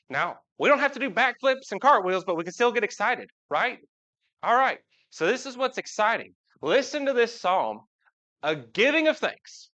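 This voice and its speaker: A high-pitched, bright and forceful male voice comes through with its highs cut off. He is a preacher giving a folksy, casual sermon in a church sanctuary, talking with the congregation and asking them things often.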